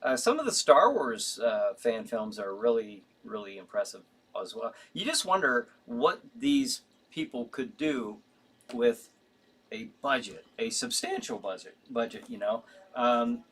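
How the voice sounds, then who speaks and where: A man's voice: mid-range voice, big pitch swings, unhurried, fairly bright tone, husky. A man hosting a casual live stream, reading viewer comments aloud and answering them in a rambling way with fillers and restarts. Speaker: host.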